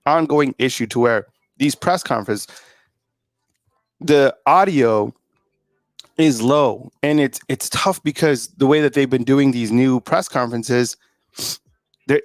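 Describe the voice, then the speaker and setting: A man's voice: medium pitch, normal speed, dry recording. Man rambling casually, dry close sound. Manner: rambling, many "like" fillers. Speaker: host of a college football channel. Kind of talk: casual sports talk.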